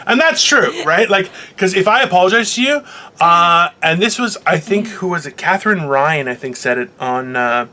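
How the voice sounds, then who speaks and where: A man co-hosts a loose, comedic talk show, rambling and crude as he trips over his own sentences. His voice sits high and sounds bright and forceful. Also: animated, moderate pace. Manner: rambling, crude, jokey, restarts often. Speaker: co-host. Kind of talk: casual comedic chat.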